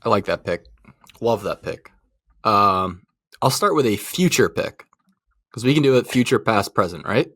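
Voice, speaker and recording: A husky-voiced man co-hosting a casual movie podcast, laughing often and agreeing readily. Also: fairly low pitch, expressive, normal speed, pauses often, fairly bright tone, no room sound, clean studio sound. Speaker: podcast co-host.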